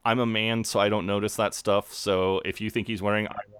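A young podcast co-host recaps a TV episode in a casual, sweary, chatty way, retelling scenes with relish. His voice sits on the low side with little pitch movement and a fairly bright tone, and he talks a little fast. Slight background noise is audible.

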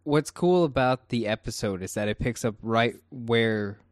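A man's voice: medium pitch, unhurried, no echo, studio quality. A man co-hosting a podcast in casual chat, hesitant and searching for words. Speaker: podcast co-host.

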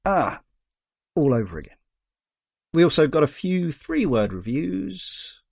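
A man with a Geordie accent hosts a casual podcast, reading out listener messages in a wry, chatty way. His mid-pitched voice has a gravelly edge. The recording is dry and close. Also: big pitch swings, a little slow, darkish tone, dry recording. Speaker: podcast host.

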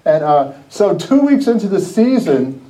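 A man's voice: high voice, big pitch swings, a little slow, dark tone, poor audio. A middle-aged man from New Jersey hosting a Christian podcast, telling personal stories casually, laughing often and acting out quoted dialogue. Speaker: podcast host.

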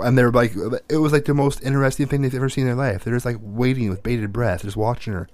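A man's voice: medium pitch, fairly even intonation, fast talker, hardly any pauses, darkish tone, no echo. A father chatting casually, rambling, cursing and restarting his sentences often. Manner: rambling, profane, with many restarts. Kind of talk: casual chat.

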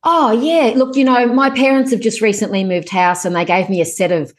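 A middle-aged woman guest on a casual podcast interview, talking in a chatty, animated way with sudden lifts in pitch. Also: fairly quick. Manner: animated, chatty, jumps up in pitch when excited. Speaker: guest author.

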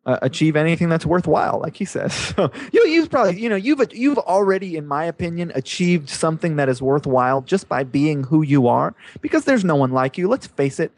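A man co-hosting a podcast in relaxed chat, upbeat and easygoing, calling his partner man and dude. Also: on the high side, brisk, hardly any pauses, dry recording. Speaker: podcast co-host.

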